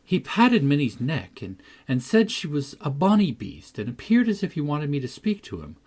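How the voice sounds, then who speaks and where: A man reading as lively young Catherine. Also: on the high side, normal speed, slightly rough, heavily acted. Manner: lively first-person storytelling. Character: spirited girl Catherine telling her adventures. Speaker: audiobook reader. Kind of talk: audiobook narration.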